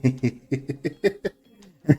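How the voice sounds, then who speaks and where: A man's voice: mid-range voice, extremely slow, over loud music. Chuckling Nigerian man lecturing casually. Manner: lecturing, chuckling, mixes in pidgin slang. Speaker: host. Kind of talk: casual commentary monologue.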